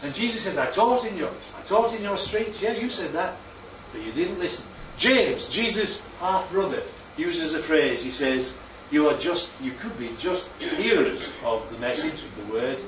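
A man's voice: a little high, lively intonation, moderate pace, hardly any pauses, a bit bright, a little hiss or hum. A man from northern England preaching a sermon in a chatty, joking way, often asking the congregation questions. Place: church hall. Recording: echoey church room, distant mic, dull sound.

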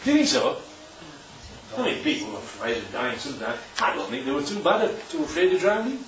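A man's voice: fairly high pitch, huge pitch swings, brisk, noisy background. A man leading an interactive sermon as a preacher, checking in with his listeners after nearly every point. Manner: constantly checks in with "right?". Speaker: preacher leading a Bible study. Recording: echoey room, distant dull mic.

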